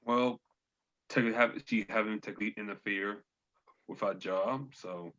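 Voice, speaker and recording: Hesitant, rambling male player, low voice with a sharp edge; dull lo-fi sound. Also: steady tone, moderate pace. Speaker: tabletop game player. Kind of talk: casual game chat.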